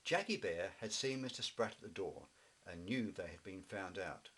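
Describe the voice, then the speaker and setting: A man reading a children's story aloud in a gentle, expressive way. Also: low voice, moderate pace, husky, low-quality recording. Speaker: narrator.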